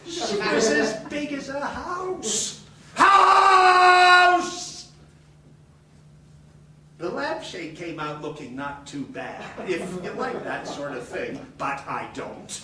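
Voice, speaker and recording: An actor on stage playing a bitter, boastful man in group therapy, stammering through repetitions and turning sarcastic, with bursts of shouting. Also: a little high, expressive, moderate pace, few pauses, far from the mic, a loud crowd, close to an everyday voice. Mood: indignant. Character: bitter, boastful middle-aged male loser in group therapy. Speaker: stage monologue character. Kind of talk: live theatre monologue. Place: theatre stage. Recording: echoey theatre recorded from afar, noisy.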